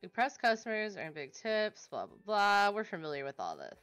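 A woman's voice: medium pitch, sing-song, normal speed, music in the background. A woman joining a casual co-op gameplay chat as a guest, upbeat and chatty. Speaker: co-op guest player.

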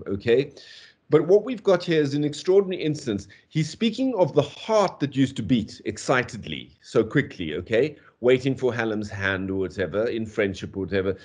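A man with a South African accent giving an online university lecture on poetry, digressive and peppered with "okay?", reading verse slowly with stressed beats. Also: medium pitch, a little mellow. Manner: digressive, fond of "okay?" and "or whatever". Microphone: video call.

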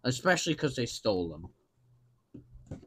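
A man's voice: mid-range voice, sing-song, slow, fairly bright tone, breathy edge. A man live-streaming his reactions to videos, talking casually and profanely to his chat in heavy slang.

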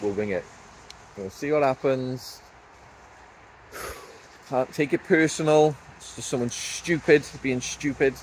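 A man's voice: medium pitch, slow, long pauses, slight background noise, poor audio. Fuming man ranting outdoors. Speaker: woodland owner. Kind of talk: vlog rant. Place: outdoors in woodland, later driving.

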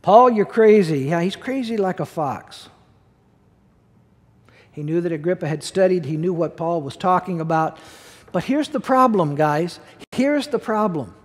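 A male pastor delivers a sermon in a noticeably high voice, pressing his points home by repeating key words. His talk is emphatic yet conversational, with plain asides to the congregation. The sound carries the long reverb of a church hall. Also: animated, unhurried.

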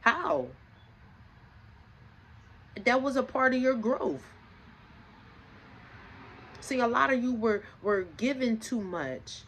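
Her pitch is fairly high and a little bright, and she speaks slowly with frequent pauses. This tarot reader keeps things casual but forceful, preaching through rhetorical questions, cursing without restraint, and repeating her own phrases. Underneath, there's a faint background noise.

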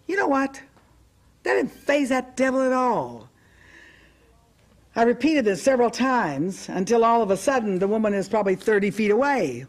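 A woman preacher giving a testimony, telling her story emphatically with humorous asides and bursting into loud commands when she quotes herself. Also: mid-range voice, a little fast.

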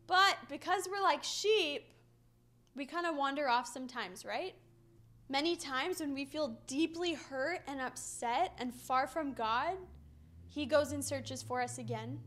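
A young woman giving a children's message, telling stories to kids in an animated, playful way. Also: high-pitched. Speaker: children's minister.

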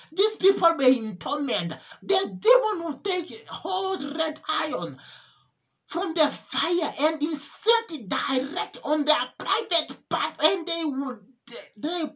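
An earnest woman with a high voice recounts a religious vision as a testimony. She speaks emotionally, repeating and restarting phrases as she goes. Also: expressive. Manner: earnest, repetitive, halting. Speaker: testimony preacher.

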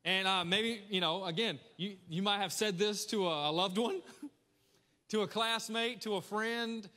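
A man preaching a lively, conversational sermon as a pastor, talking straight to his congregation. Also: sits high, measured pace. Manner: energetic, conversational preaching with audience call-outs. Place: large church hall. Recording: echoey church hall with long reverb.

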